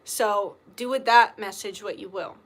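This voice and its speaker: A woman reads tarot during casual livestream chat, rambling with many filler words and the occasional swear. Her medium-pitched voice is steady and fairly bright, and she talks a little slowly.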